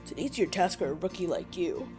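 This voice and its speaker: A woman's voice: fairly low pitch, animated, fast talker, music in the background, voice pushed down, close to an everyday voice. A woman voicing a pompous, bossy lobster detective in a game. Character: pompous male lobster detective, self-important.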